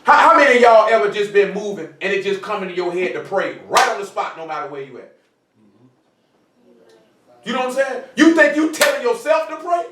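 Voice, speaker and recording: A man's voice: sits high, sing-song, a little fast, noisy background. A man teaching an informal sermon, conversational and repetitive, often asking his listeners if they follow him. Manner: conversational, repeats "you know what I'm saying". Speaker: preacher. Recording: echoey room from far off.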